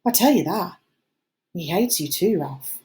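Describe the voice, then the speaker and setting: A woman voicing an anxious, fussy schoolboy who frets and pleads in a high, squeaky voice, reading an audiobook. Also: lively intonation, a little slow, darkish tone. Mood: plaintive.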